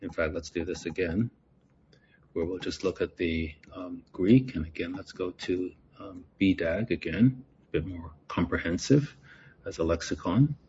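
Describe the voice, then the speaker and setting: Guy teaching bible verses, lowish husky voice, keeps repeating himself, kinda muffled lo-fi audio. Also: a little slow, a little mellow, a little hiss or hum. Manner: repeats words and restarts while explaining.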